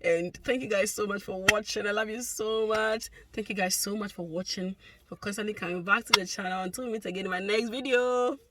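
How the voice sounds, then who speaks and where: A woman's voice: mid-range voice, steady tone, brisk, very noisy. A young adult woman, a healthcare worker, chatting casually to her vlog viewers, effusive and laughing often.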